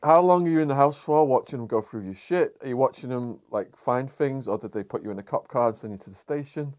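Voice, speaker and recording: A man hosting a podcast, asking steady, probing questions. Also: mid-range voice, fast talker. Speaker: podcast host. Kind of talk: interviewing. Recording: dull lo-fi sound.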